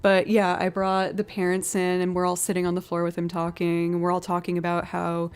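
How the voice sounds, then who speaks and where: Chatty woman streamer, low voice. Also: completely flat delivery, brisk, clean tone, soft background music. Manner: chatty storytelling, reads out donations. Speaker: streamer and musician. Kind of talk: casual live-stream chat.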